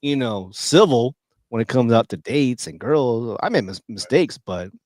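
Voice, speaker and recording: Male host, halting and repetitive, mid-pitched, dry close sound. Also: expressive, a little mellow, no room sound. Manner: halting, filler-heavy, repeats words. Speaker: podcast host. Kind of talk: casual chat.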